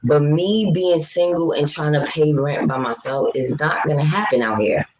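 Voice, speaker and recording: A woman's voice: low-pitched, slight background noise, rough recording. A woman, a mother, chatting casually on a livestream and reading out viewer comments. Blunt, outspoken and often profane. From New York City. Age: adult mother of young children. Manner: fast, animated rants. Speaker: vlogger.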